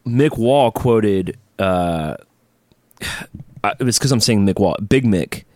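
A man's voice: fairly low pitch, slow pace, dry recording. A man co-hosting a podcast, chatting casually and telling stories with jokes. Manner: animated, joking, storytelling. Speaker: podcast co-host. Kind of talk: casual chat.

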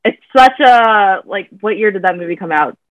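A woman's voice: mid-range voice, animated, normal speed, dull audio. A woman from the American South chatting casually about a film on a podcast, laughing often and rambling. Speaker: podcast co-host.

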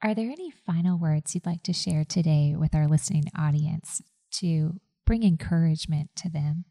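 A woman hosting an interview, asking her guest a measured, appreciative closing question. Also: low voice, gravelly, mellow. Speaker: podcast host.

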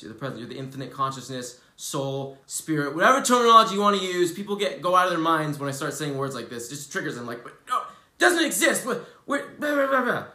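Speaking in a bright, forceful mid-range voice, a man delivers loose, earnest motivational talk on his spiritual wellness vlog. He's preachy, curses freely, and the recording carries a roomy echo.

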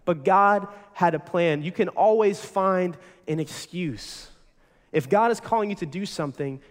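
A young adult male pastor preaching a sermon, telling stories with dramatic swings between loud passages and hushed ones. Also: sits high, in a large hall.

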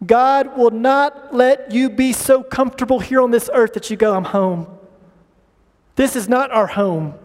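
His pitch extremely high and his delivery a little slow, a man preaches to his church with passion, sometimes voicing people pleading in prayer. He is a pastor, and the sound rings in a reverberant hall.

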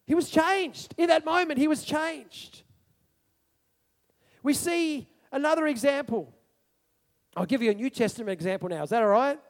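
A male preacher giving a sermon in an animated storytelling manner, asking his congregation questions. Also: very high-pitched, normal speed, pauses often, in a large hall.

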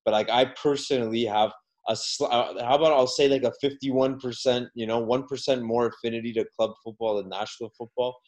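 A man chats as a podcast co-host, hesitant and full of fillers and repeated words. His pitch sits in the ordinary middle range, and he swears now and then. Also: steady tone, brisk, darkish tone. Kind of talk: casual chat.

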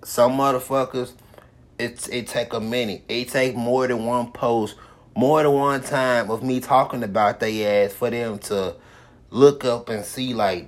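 A man's voice: mid-range voice, steady tone, a little slow. A man hosting his own podcast, giving a profane, repetitive motivational monologue with heavy swearing. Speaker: podcast host.

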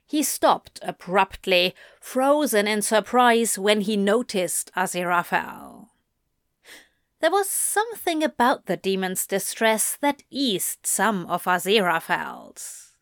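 A woman narrating a fiction audiobook in a slow, expressive manner. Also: medium pitch, no echo, studio quality.

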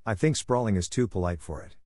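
A man's voice: on the low side, brisk, darkish tone, dry recording, lightly acted. A man voicing a cheeky, grumpy young ginger tomcat who talks back sulkily. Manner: cheeky, sulky.

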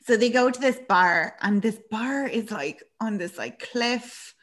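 A young woman from Ireland, her voice on the high side and her pace measured, co-hosts a podcast. She gives a chatty, animated recap of a film, laughing frequently and acting out what the characters say.

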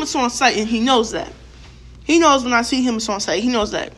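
Young woman, high voice, profane storytime rant, fillers and acted-out quotes. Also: brisk. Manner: animated, profane, heavy filler words, re-enacts quotes. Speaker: vlogger.

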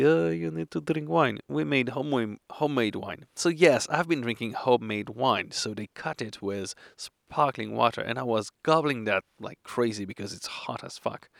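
Tipsy hiker man with a gravelly voice. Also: mid-range voice, fairly bright tone, dry recording, clean studio sound. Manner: hesitant, rambling, laughs often. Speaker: solo hiker vlogger. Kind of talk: casual storytelling to camera. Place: campsite outdoors.

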